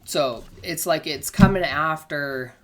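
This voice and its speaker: A woman with a deep voice talks slowly, with a little hiss or hum in the recording. She's a health educator giving a casual lesson through her hiccups, explaining patiently with everyday comparisons and often saying "okay?" to check in.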